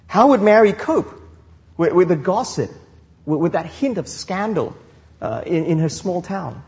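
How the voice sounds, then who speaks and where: A man's voice: sits high, lively intonation, moderate pace, darkish tone, in a large hall. A man preaching a sermon as a pastor, with frequent restarts and rhetorical questions.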